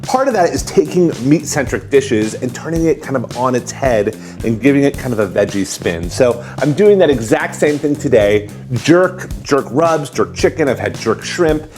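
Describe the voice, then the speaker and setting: A man walks through a recipe in a chatty, upbeat way, his pitch bouncing all over as he cooks. Music plays clearly behind his voice. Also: a little mellow. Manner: chatty, upbeat, talks while cooking. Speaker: cooking show host. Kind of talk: casual cooking demonstration.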